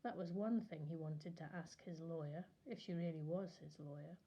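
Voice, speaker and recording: A woman teacher reading a novel aloud in a steady storytelling manner. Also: low-pitched, moderate pace, muffled recording. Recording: echoey room.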